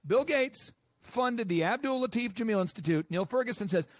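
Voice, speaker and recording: A man being interviewed as a business coach and podcast host, talking in an animated, emphatic, rapid-fire way. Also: very high voice, no echo.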